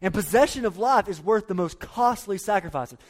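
A man preaching a sermon, emphatic, repeating key phrases and dropping to quiet low lines. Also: animated, moderate pace. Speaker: pastor.

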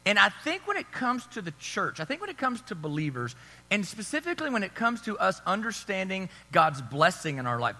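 A man's voice: high voice, sharp tone. A man in his thirties preaching a sermon, telling a story in a conversational way and asking the crowd for agreement. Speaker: pastor. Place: church hall. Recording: long hall reverb.

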